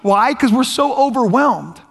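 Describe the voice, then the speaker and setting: High-voiced preacher in a hall. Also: male voice, measured pace, vocal fry. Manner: animated conversational preaching, asks the crowd questions. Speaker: pastor. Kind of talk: sermon. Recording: long reverb of a large hall.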